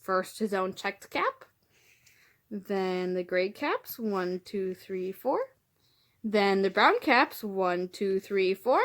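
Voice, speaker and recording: Slow, gentle woman reading to kids. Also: medium pitch, lively intonation. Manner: gentle, addresses listeners as friends, gasps for effect. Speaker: children's storyteller. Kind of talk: reading a picture book aloud to children.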